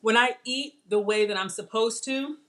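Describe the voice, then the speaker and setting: A woman hosts a live cooking stream, her voice sitting a little high and full of chatty energy. She calls her viewers y'all and keeps up a running commentary. Faint clatter of dishes and silverware sounds in her home kitchen. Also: normal speed, background noise. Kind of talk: casual live cooking chat. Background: cutlery and dish clatter.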